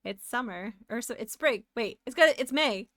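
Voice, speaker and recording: A woman's voice: on the high side, lively intonation, a little fast, a bit bright, dry recording, studio quality. An American woman streaming live, chatting casually and giggling while she works. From United States. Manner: chatty and giggly, hums and sings along.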